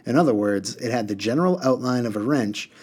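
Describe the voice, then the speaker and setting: A man reading a novel aloud and discussing it, in a measured, clear way. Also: medium pitch, animated, a little mellow. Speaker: book discussion reader.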